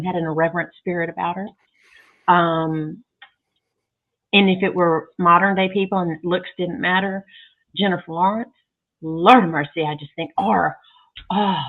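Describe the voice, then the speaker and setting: A woman's voice: lowish voice, fairly even intonation, a little slow, long pauses. Laughing chatty woman on a tinny line. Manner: bubbly, laughs often, self-deprecating. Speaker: podcast guest. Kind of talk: casual interview chat. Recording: thin phone-like sound.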